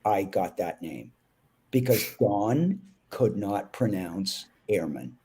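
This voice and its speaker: A male actor being interviewed, telling lively backstage anecdotes in a casual way and acting out other people's lines as he goes. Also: deep voice, slow pace, husky. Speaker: guest actor.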